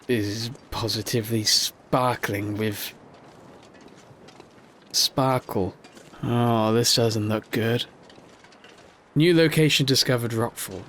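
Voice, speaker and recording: A man's voice: lowish voice, fairly bright tone, a little hiss or hum. A man hosting a let's play, giving playful, self-mocking gameplay commentary. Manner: playful, self-mocking, jokes while playing.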